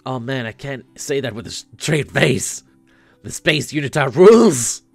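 A man voicing a laid-back, rambling floating teenage boy who acts as a self-aware game guide, a bit higher and louder than his own voice. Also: lively intonation, measured pace, dry recording, soft background music.

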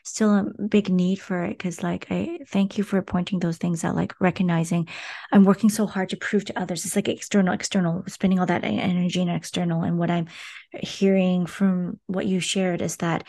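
A woman hosting a podcast, calmly affirming her guest and reflecting back what she has heard. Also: fairly low pitch, normal speed, vocal fry. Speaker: podcast host. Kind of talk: casual conversation.

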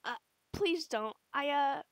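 A woman's voice: sits high, animated, takes it slowly, no room sound, voice pushed up, exaggerated voice. A woman voicing a timid, stammering teenage boy hero in a fan comic dub, speaking eagerly. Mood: shy.

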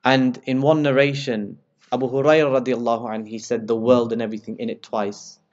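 A man giving a religious lesson, retelling narrations with lively storytelling and speaking directly to his listeners as brothers. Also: brisk. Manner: lively storytelling, rises in pitch and volume when quoting dialogue. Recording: slightly dull lo-fi recording.

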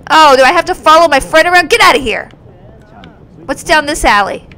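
A woman streaming a video game live, reacting excitably with yelps and exclamations. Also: high voice, brisk. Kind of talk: live gameplay commentary. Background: faint game music.

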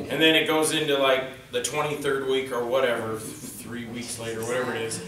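A man's voice: mid-range voice, flat delivery, a little fast. A man on a convention panel telling rambling filmmaking anecdotes and acting out the quoted lines in put-on voices. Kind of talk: casual storytelling on a panel. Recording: roomy hall mic, heard from a distance, faint noise.

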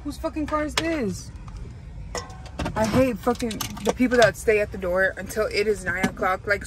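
A woman's voice: mid-range voice, normal speed. A young woman vlogging from her car, talking casually and swearing freely as she vents about her day. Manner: venting, swears freely, exasperated. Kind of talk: casual vlog talk. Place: inside a car. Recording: car noise behind the voice. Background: car and road noise.

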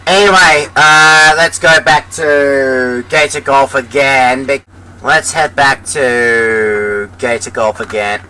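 A man giving rambling let's play commentary, getting excited and shouting at surprises. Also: mid-range voice, slow pace, smooth, poor audio. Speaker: gameplay commentator. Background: loud game music.

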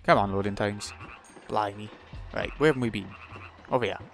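A man's voice: lowish voice, fairly quick, gravelly, a bit bright, soft background music. A British man giving casual commentary on a video game he is playing, with dry, wry asides. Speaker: let's play host.

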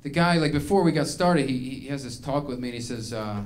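A man's voice: mid-range voice, steady tone, fairly quick, a faint crowd. A man performing a live stand-up set in a small venue, ranting and rambling with plenty of profanity. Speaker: stand-up comedian.

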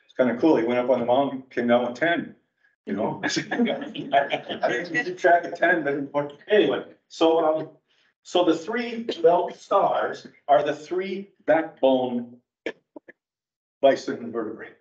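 A man, a guest at an adult education class in a church meeting room, tells stories in an animated, rambling way, drifting from point to point at an unhurried pace and medium pitch. He sounds far from the mic in the roomy space, and the recording is dull and lo-fi.

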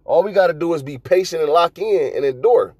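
A man preaching casually to his brothers while driving, exhorting them with many fillers and a repeated "man", and reading scripture aloud in slow phrases. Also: a little high, lively intonation, darkish tone, slightly rough, dry recording. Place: inside a car.

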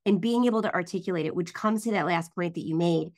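A woman's voice: fairly low pitch, fast talker. A woman podcast host in casual interview chat, earnest and emphatic. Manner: earnest, emphatic, some ums.

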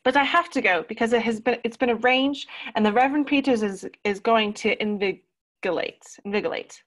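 Woman reads teen boy, literal and insistent, slightly high voice. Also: a little fast, close to an everyday voice. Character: teenage boy Christopher, literal and anxious. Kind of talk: live script reading over video call.

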